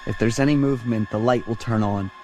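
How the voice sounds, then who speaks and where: A man doing a calm, sleepy father. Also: fairly low pitch, fast, soft background music, natural voice.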